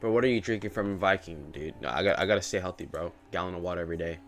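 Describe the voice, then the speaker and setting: Talking very fast in a low, somewhat bright voice, a young day trader chats on his live stream. His casual, slangy rambling keeps returning to "bro," with faint music in the background.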